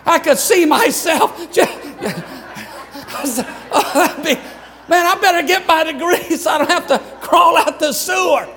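A man's voice: very high-pitched, unhurried, fairly bright tone. An older man from Louisiana preaching a sermon in an emphatic, repetitive cadence. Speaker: pastor.

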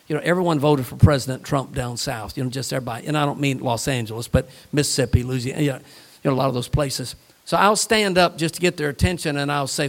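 A man delivers a sermon from the pulpit, animated and lively as he moves between reading scripture and telling jokes. His voice sits a little on the high side for a man. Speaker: pastor.

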